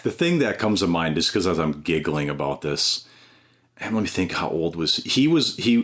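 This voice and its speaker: Deep-voiced earnest man telling stories. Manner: earnest and animated, with frequent restarts. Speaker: podcast guest, stay-at-home dad and former teacher. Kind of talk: personal storytelling in an interview.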